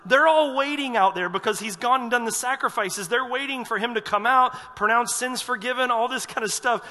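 A male pastor delivering a sermon with humor and animated storytelling. His voice is high and bright, and it rings with a long reverb through a large church sanctuary. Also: fairly quick. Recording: reverberant hall.

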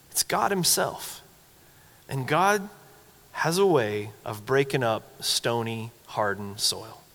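A man's voice: a little high, a bit bright. A man pastor giving a sermon, telling stories in a conversational, earnest and reflective manner. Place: church sanctuary. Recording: long church hall reverb.

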